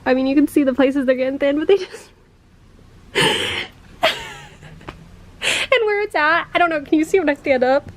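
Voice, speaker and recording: A woman's voice: high voice, normal speed, long pauses. A college-age woman, vlogging in a rambling, chatty way. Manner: rambling, chatty, laughs when embarrassed. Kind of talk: casual vlog.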